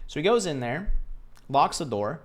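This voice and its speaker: A man's voice: fairly high pitch, very animated, moderate pace. A young man casually telling a story to camera in a rambling, self-deprecating way, acting out the voices of the people he quotes. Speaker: vlogger.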